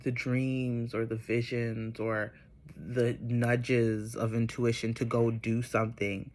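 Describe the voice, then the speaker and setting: A man's voice: medium pitch, level tone, slow. Chatty man telling a spiritual story. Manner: chatty, rambling, many fillers. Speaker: vlogger.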